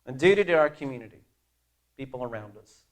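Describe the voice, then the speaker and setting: A middle-aged man preaching a sermon as pastor, conversational and animated, swinging from loud emphasis to quiet asides. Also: medium pitch, fairly quick.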